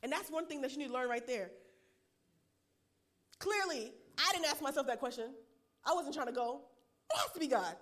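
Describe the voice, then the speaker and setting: A woman chaplain preaching a personal testimony to a congregation, talking fast and animated and laughing often. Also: high voice.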